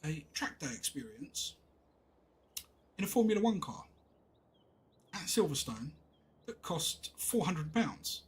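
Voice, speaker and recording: A man's voice: fairly high pitch, big pitch swings, takes it slowly, pauses often, husky, poor audio. A middle-aged English man, streaming a game and chatting casually, rambling through exasperated stories with laughs. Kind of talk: casual chat while gaming.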